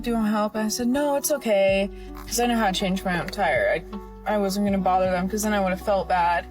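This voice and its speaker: Easygoing woman vlogging a story, faint music under. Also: mid-range voice. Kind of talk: casual storytelling vlog.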